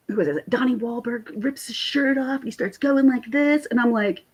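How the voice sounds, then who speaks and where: A woman in her forties chatting casually with live viewers, telling rambling, animated stories. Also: on the high side, moderate pace, hardly any pauses, breathy edge, lo-fi sound. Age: 40s. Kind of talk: casual livestream chat. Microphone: computer mic.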